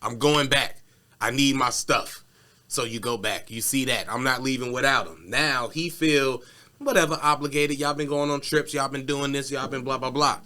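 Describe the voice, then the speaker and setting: A man's voice: medium pitch, moderate pace. A man co-hosting a podcast, chatting casually and telling a story with slang and cursing. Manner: animated storytelling, acts out voices with cursing. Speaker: podcast co-host. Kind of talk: casual chat.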